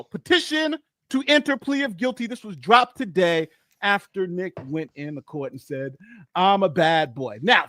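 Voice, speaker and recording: A man's voice: high-pitched, fairly bright tone, dry recording. A man co-hosting a casual live stream, boastful and rambling, often repeating himself. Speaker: co-host.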